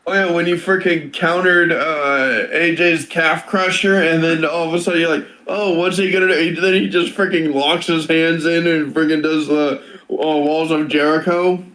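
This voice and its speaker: Higher-voiced man adding wrestling details. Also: fairly even intonation, moderate pace, hardly any pauses, a bit bright, poor audio. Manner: chimes in with corrections and details. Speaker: podcast co-host. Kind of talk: casual wrestling review chat.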